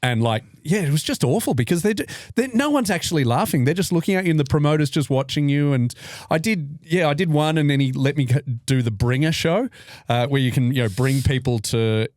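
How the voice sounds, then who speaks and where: A man's voice: on the high side, lively intonation, a little mellow, no room sound, studio quality. A man with an Australian accent, a guest comedian, chatting casually and spinning anecdotes on a podcast. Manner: chatty storyteller, quick asides.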